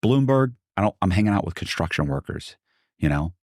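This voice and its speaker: A man's voice: low-pitched, sing-song, brisk, darkish tone, no echo, studio quality. A middle-aged American man, a podcast guest, telling a long story in a rambling way with many restarts and asides. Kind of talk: casual storytelling.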